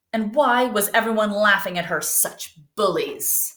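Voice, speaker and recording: A woman teacher reading a picture book aloud to her students, gently asking them questions along the way. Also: medium pitch, lively intonation, unhurried. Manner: gentle, asks children questions. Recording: roomy echo.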